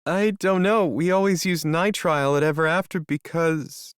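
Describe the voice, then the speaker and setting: Sniffly, nervous young woman, lighter and higher, put on by a male audiobook narrator. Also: normal speed, smooth, dry recording, clean studio sound, natural voice. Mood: anxious. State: sniffly, stuffed up. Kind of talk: audiobook character voice.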